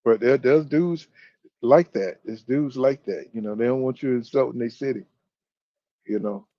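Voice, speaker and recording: A man from Florida co-hosting a casual boxing podcast chat, telling animated stories, mimicking people and swearing freely. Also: medium pitch, moderate pace, dry recording, muffled recording.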